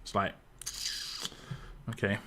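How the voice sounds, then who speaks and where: Rambling through chat questions on his game stream, a British-accented man fills his casual commentary with fillers and restarts. He speaks slowly in a pushed, bright voice, with a little hiss or hum behind him.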